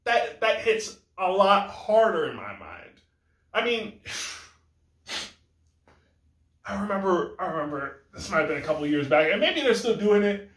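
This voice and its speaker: Animated high-voiced man in an echoey room. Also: measured pace, long pauses. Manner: animated, rambling, self-correcting, acts out lines of dialogue. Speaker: gaming commentator. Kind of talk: casual video game critique.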